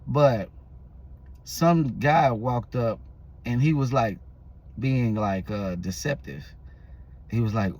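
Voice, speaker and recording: A man's voice: medium pitch, expressive, takes it slowly, pauses often. Man rambling through a casual story. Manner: loose, rambling, with restarts and fillers. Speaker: vlogger.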